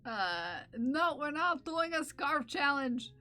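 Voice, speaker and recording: Speaking slowly in a high, sing-song, sharp-toned voice, a young crochet livestreamer teases her viewers playfully as she reads their comments aloud. She laughs a lot, and the casual stream is captured on close ASMR mics.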